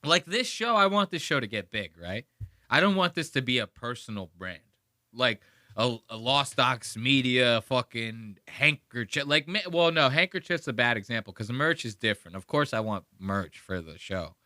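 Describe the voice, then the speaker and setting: A male podcast host ranting in a casual, profane, animated way, full of "like". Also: mid-range voice, normal speed, dry recording, studio quality. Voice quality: animated, profane, heavy use of "like".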